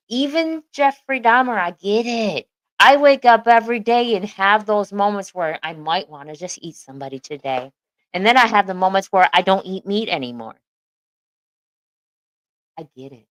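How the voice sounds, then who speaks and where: A woman's voice: medium pitch, dry recording, rough recording. A woman with a mid-range voice talks emphatically on a podcast, circling back to the same point again and again. Her voice is recorded close and dry. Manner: emphatic, repeats herself, talks in bursts. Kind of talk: casual chat.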